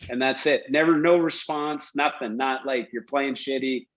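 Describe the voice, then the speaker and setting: A man's voice: medium pitch, normal speed, highs cut off. A middle-aged man, a former hockey player, telling stories casually in an interview and acting out the quotes. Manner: animated storyteller, acts out quotes, laughs.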